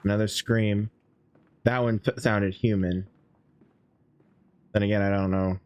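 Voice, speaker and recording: A man hosting a gaming channel, giving casual gameplay commentary in a low-key, hesitant, apologetic way. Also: steady tone, a little slow, darkish tone, clear, resonant tone.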